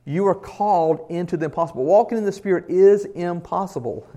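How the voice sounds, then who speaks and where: An earnest male pastor preaches a sermon in a somewhat high voice. He grows loud and emphatic, then drops to soft tones. He puts questions to the congregation. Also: fairly quick.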